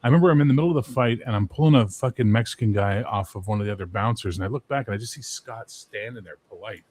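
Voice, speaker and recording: A man in casual chat, telling profane, animated anecdotes and acting out the people in them. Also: fairly low pitch, fast talker.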